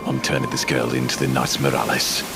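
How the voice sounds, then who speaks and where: A stern grown witch from an anime dub, speaking in a Yorkshire accent. His voice sits extremely low and grinds with gravel. Each line comes out curt and suspicious over swelling background music. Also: little pitch movement, brisk. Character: gruff stern male witch, grown man.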